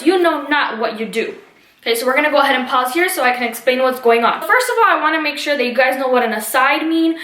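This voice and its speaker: A woman's voice: sits high, a bit bright, roomy sound, rough recording. A woman teacher casually explaining a play to her students, checking in with them often. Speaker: English teacher.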